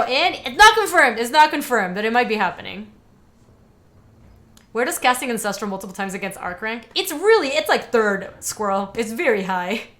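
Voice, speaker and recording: A young woman streams herself playing a card game, offering casual commentary and chatting with her viewers and the chat as she goes. Her voice is medium-pitched with a fairly bright tone.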